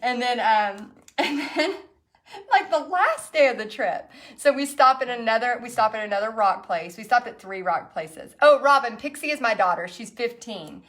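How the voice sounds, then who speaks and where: Her fairly high, fairly bright voice is animated and moves at a normal speed with hardly any pauses. The middle-aged woman hosts an online paint party, spinning a chatty story full of laughs while everyone paints.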